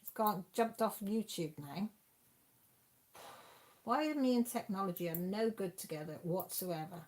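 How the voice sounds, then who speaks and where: A woman's voice: mid-range voice, expressive, unhurried, pauses often, darkish tone. Chatty woman hosting a craft live stream. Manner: chatty, exclaiming, talks to the chat. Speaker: craft channel host reading live chat. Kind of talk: casual live-stream chat.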